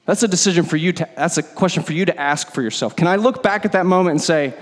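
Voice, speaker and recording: A man's voice: high voice, lively intonation, fairly quick. A man preaching a sermon as pastor, conversational and emphatic, often repeating words for stress. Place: church sanctuary. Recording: long hall reverb.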